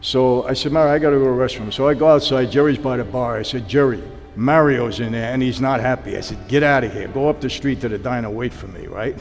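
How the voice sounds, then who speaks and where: A man's voice: medium pitch, fast talker, hardly any pauses. A man, a guest telling long stories and acting out the dialogue of the people in them. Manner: animated storyteller acting out quoted dialogue. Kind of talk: storytelling interview. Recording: long hall reverb with background music.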